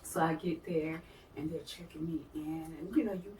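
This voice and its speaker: Middle-aged woman, interview guest, animated storyteller who mimics others; distant mic, roomy sound. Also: normal speed. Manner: animated, acts out quoted voices with big pitch jumps. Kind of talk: personal storytelling. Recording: roomy, from far off the mic, faint noise.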